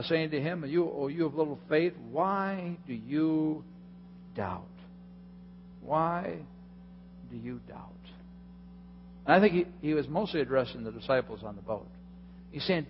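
In a fairly high voice, unhurried and pausing often, a pastor animates a sermon story by performing the people in it. A little hiss or hum runs through the dull, lo-fi hall recording.

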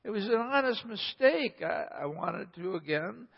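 A man's voice: high voice, animated, moderate pace, gravelly, breathy edge, pitched above the performer's own voice, heavily acted. A flustered husband pleads his case in a raised, stammering voice, as a preacher acts him out. He sounds defensive and keeps tripping over his words. The voice rings through a reverberant hall with slightly dull sound. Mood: apologetic.

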